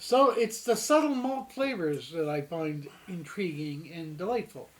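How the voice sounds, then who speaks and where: A Canadian man co-hosts a casual beer-tasting chat, speaking a little slowly in a fairly high voice with lively intonation. He cracks goofy jokes, asides, and wordplay.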